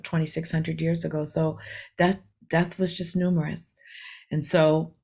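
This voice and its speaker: A woman's voice: sits low, darkish tone. A woman meditation teacher giving a reflective dharma talk, retelling a story with many fillers, self-corrections and rhetorical questions.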